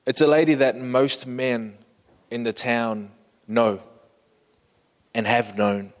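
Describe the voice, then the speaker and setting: A man preaching a sermon, painting a vivid scene slowly and inviting listeners to imagine it. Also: medium pitch, fairly even intonation, big-room sound. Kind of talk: storytelling sermon.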